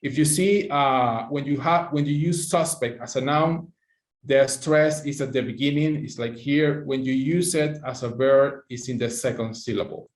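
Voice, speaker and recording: Male teacher running a live online pronunciation lesson, mid-pitched, encouraging, echoey room. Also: moderate pace. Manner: encouraging, praises students by name, non-native phrasing.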